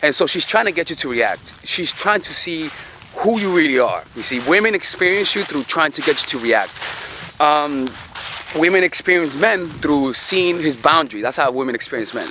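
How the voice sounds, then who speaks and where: Lively, conversational male dating coach. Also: on the high side, moderate pace, noisy background. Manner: conversational, swears, rhetorical questions. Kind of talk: casual advice monologue.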